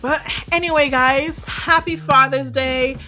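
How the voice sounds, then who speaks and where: A woman in her twenties co-hosting a casual podcast, quick, emphatic and playful, speaking straight to listeners. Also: sits high, steady tone, over music. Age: 20s. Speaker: podcast co-host. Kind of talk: casual chat.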